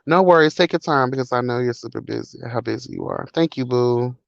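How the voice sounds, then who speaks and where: A man's voice: medium pitch, fairly quick, gravelly, dry recording, dull audio. A man hosting a casual livestream, talking in a sassy, profane, dramatic way. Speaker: livestream host reading chat. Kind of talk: casual chat.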